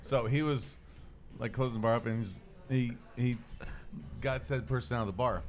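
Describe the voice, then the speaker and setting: A man's voice: mid-range voice, moderate pace. A Midwestern American man hosting a podcast, a rambling storyteller who swears freely in casual comedic chat. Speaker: podcast host.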